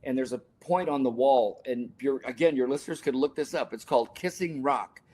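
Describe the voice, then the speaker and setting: Briskly and in a slightly mellow, medium-pitched voice, an older man tells a personal story as a podcast guest. He's a sports scientist and author, and his account is earnest and emotional, with the odd self-correction.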